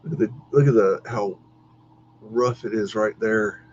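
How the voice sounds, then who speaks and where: A man's voice: lowish voice, measured pace, a little mellow, slight background noise. A man hosting a live stream, chatting casually and rambling, with frequent laughs and many restarts. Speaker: livestream host. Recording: dull lo-fi stream audio.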